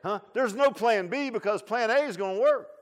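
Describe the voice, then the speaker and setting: Folksy preacher man. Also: normal speed. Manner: folksy, conversational, with sudden swings between loud emphasis and low asides. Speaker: pastor. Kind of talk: sermon.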